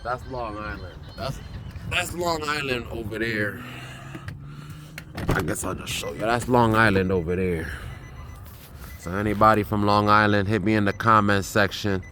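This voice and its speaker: A man talking to his phone camera in an outdoor park by the water, in a relaxed, rambling vlog full of fillers. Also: on the low side, normal speed, pauses often, very noisy. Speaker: vlogger.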